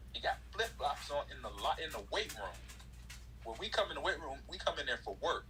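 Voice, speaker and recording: Ex-college running back, male, animated raconteur, slightly high voice, acts out his own dialogue. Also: fairly quick, a little hiss or hum, poor audio. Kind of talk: casual storytelling interview.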